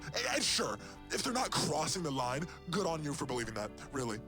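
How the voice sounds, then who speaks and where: A man voicing a casual, opinionated monster in a game, ranting with mock seriousness and leaping up in pitch for emphasis. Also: sing-song, brisk. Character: rambling casual male monster, easygoing and opinionated. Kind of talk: game character dialogue. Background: game music.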